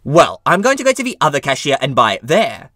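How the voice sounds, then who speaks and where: A man's voice: on the high side, huge pitch swings, a little fast, pushed and bright, dry recording, studio quality, heavily acted. A man voicing a pushy, entitled middle-aged mother who argues indignantly with a cashier. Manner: indignant, demanding, screaming at times.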